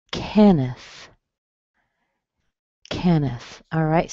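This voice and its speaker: Teaching pronunciation in an online class, a woman with a low, dark voice speaks slowly and patiently, repeating each word over and over as a drill. Her computer mic captures dull, muffled webinar audio that sounds close and dry.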